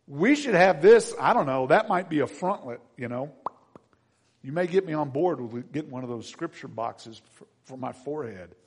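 A man preaches to his congregation in a fairly high, very lively voice. He drops into quiet, chatty asides and then climbs into loud, emphatic build-ups, often turning to the crowd and the kids with questions. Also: breathy edge, long reverb tail. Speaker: pastor. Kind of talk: sermon.

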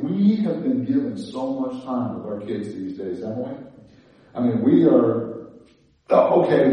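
A man preaching a sermon in a conversational, animated way, laughing and restarting as he talks. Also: on the high side, very echoey, distant mic, low-quality recording. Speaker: pastor.

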